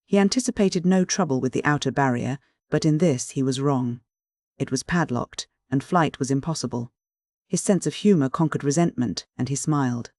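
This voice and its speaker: Steady male audiobook narrator, dry sound. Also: mid-range voice, normal speed, dry recording. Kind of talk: scripted literary narration.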